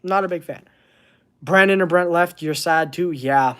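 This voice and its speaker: A man's voice: a little high, a bit bright, clear, resonant tone. A man chats on a live stream, reading out viewer comments. He talks earnestly, stopping and restarting as he hunts for the right words. It sounds like a streaming mic at his desk. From Canada. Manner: halting, searching for words, earnest. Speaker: wrestling channel host. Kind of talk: casual livestream chat reading comments.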